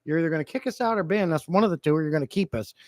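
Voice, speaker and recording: A man chatting casually on a fish-keeping livestream, reading comments and joking around, a bit low on energy. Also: racing, a little mellow, dry recording, clean studio sound. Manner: playful, rambling, jokey with chat. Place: home fish room.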